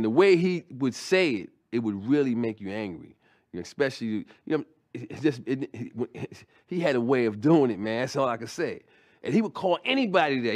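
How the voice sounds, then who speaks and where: A middle-aged man doing stand-up, telling a story in a loose, conversational way with slang and restarts. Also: medium pitch. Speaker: stand-up comedian.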